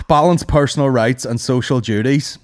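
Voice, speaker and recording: A man's voice: mid-range voice, moderate pace, a little mellow, a little hiss or hum. A man hosting a podcast, telling stories in casual, sweary banter and laughing often. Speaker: podcast host. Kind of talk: casual banter, comic storytelling.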